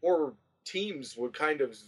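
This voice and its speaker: A man co-hosting a podcast in casual chat, animated and emphatic. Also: on the high side, slow, breathy edge. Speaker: podcast co-host.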